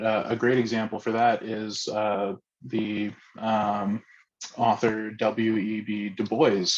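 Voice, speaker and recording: A man's voice: lowish voice, highs cut off. A man facilitating an online group discussion, speaking hesitantly with many ums and restarts.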